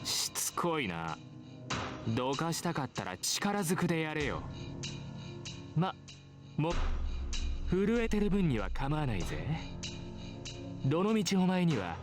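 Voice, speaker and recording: A man's voice: fairly high pitch, sing-song, moderate pace, pauses often. An actor playing a cruel, arrogant teenage boy who taunts and looks down on everyone, in a voiced visual novel. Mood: taunting. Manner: taunting, condescending, theatrical. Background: game music.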